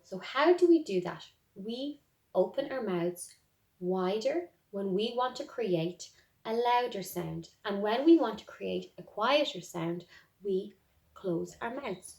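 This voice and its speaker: A woman with an Irish accent teaching a music lesson to young children, speaking gently and encouragingly and singing demonstrations. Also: mid-range voice, animated, takes it slowly, creaky. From Ireland. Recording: roomy echo.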